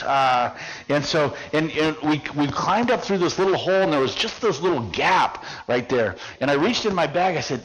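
A man preaching to men, telling a personal story with lively acted-out dialogue and hushed moments. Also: fairly high pitch, normal speed, slightly rough, rough recording. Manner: animated storyteller, acting out dialogue, drops to hushed tones.

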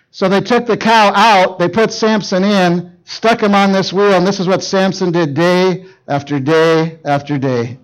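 A man preaching to teenagers, telling a Bible story in a jokey, animated way and acting out the characters in quick voices. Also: sits high, poor audio. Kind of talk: youth sermon storytelling.

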